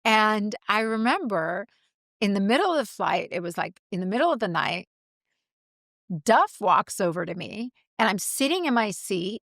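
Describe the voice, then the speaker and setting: Middle-aged woman, gravelly voice, animated storyteller, dry close sound. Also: mid-range voice, moderate pace, no room sound. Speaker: podcast co-host. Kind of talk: casual chat.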